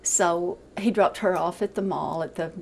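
An older woman giving a halting, emotional account in a news interview, often repeating words as she goes. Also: lowish voice, gravelly, a little hiss or hum, rough recording.

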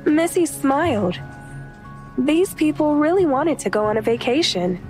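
A woman narrating a romance audiobook in a steady, even storytelling voice. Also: high-pitched, unhurried. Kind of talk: scripted narration. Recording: soft music underneath.

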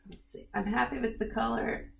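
A woman in her studio giving a live oil painting demonstration, talking in a relaxed, chatty way with many fillers. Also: fairly high pitch, a little fast, vocal fry, a little hiss or hum. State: slightly cracky voice. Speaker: painting instructor.

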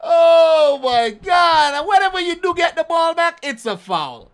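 Frustrated male streamer, lively ranting gameplay commentary. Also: extremely high pitch, a little slow, heavy background noise. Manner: exasperated ranting, keeps adding "man". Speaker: gaming streamer.

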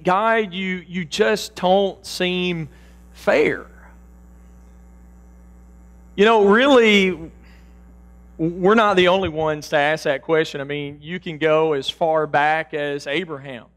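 A man in his forties preaching a sermon in a church, earnest and halting, often repeating his words. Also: high voice, a bit bright. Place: church sanctuary.

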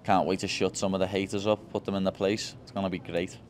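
Brash Scouse man, deep flat voice. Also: fast talker, a little hiss or hum. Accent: Liverpool English. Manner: blunt, brash, cocky. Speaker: fighter. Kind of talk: casual interview answers.

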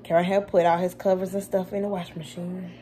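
A woman's voice: on the low side, fast talker. Chatty woman vlogging at home. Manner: animated storytelling, addresses viewers as y'all. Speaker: vlogger, mother of two. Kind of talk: casual vlog chat to viewers.

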